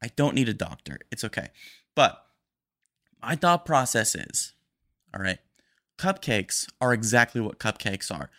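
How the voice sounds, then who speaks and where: A young man hosting a casual solo podcast, rambling quickly and a little nervous. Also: lowish voice, sing-song, bright, forceful tone. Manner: rambling, fast-talking and a bit nervous. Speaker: podcast host.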